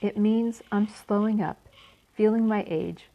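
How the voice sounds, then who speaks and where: A woman voicing a gentle, aging female spider who speaks quietly and softly. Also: medium pitch, steady tone, measured pace, narrow, tinny audio, lightly acted. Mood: weary. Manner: quiet, soft, subdued.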